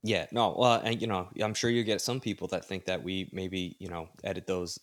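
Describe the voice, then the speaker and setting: A man's voice: low voice, steady tone, moderate pace, dry recording. A man co-hosting a casual sports podcast, talking in a loose conversational way with asides. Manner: conversational, many restarts and asides. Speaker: podcast co-host.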